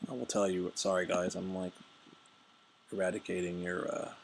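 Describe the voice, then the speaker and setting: Brief: casual game commentator, male, very low gravelly voice, rambling and jokey. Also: little pitch movement, moderate pace, noisy background. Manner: rambling, jokey, many fillers and asides.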